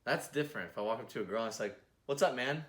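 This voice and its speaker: Young dude w a lowish voice, laughs a lot, jumps in w quick jokes. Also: male voice, a bit bright. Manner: laughs often, throws in quick jokey interjections. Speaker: podcast co-host. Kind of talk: casual chat.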